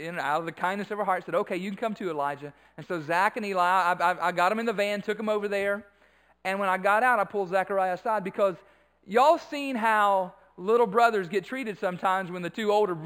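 Pastor guy, high voice, preaching loud then soft, draws words out big. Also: a little fast, smooth. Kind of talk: sermon.

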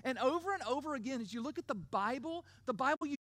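Middle-aged guy preaching, hits key words slow and hard, keeps asking right?, dry close sound. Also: very high voice, lively intonation, a bit bright, no room sound. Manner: emphatic, repeats key words slowly, asks the crowd "right?". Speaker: pastor. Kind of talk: sermon.

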